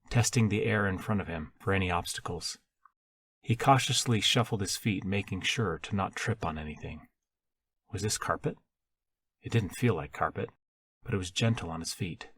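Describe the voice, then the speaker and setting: A man narrates a novel in a low, husky voice, carrying the story at a steady pace. He voices the characters himself as they talk. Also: no room sound. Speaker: author reading his book. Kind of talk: audiobook narration.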